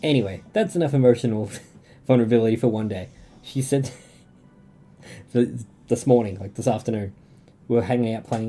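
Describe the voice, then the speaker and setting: Dark-voiced Australian man reading a game. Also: mid-range voice, brisk, slight background noise. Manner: reads game dialogue in a plain voice, breaks off to chat and laugh. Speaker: streamer. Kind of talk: reading and voicing a dating game aloud.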